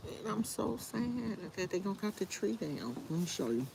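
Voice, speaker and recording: A woman's voice: medium pitch, very animated, moderate pace, gravelly, noisy background. A woman hosting a casual livestream from her backyard, talking to viewers in a wistful, rambling way on a handheld phone. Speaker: livestream host. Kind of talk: casual live chat. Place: outdoors in a backyard.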